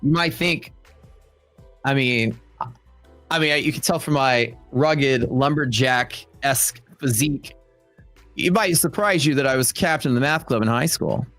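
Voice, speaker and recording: Speaking a little slowly in a mid-range voice, with faint music in the background, a young adult livestream host chats casually with his trading audience and live chat. He jokes and tells animated stories, doing playful voices for the people he quotes.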